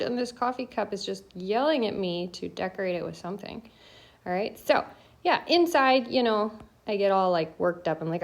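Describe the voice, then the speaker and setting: A woman's voice: medium pitch, gravelly. A woman hosting a casual solo coffee talk on education, chatty and emphatic, laughing between points.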